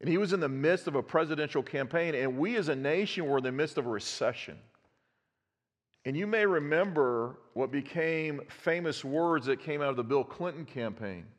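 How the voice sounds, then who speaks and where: A pastor delivers a sermon in a church sanctuary, conversational in manner and asking the congregation questions. His voice is on the high side with lively intonation at a moderate pace, and the hall adds a long reverb.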